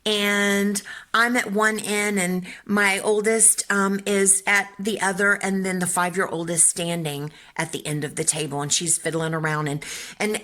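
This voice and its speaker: Bright-voiced older woman, animated. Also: medium pitch. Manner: animated, chatty, acts out voices. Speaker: children's book author. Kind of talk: casual storytelling talk.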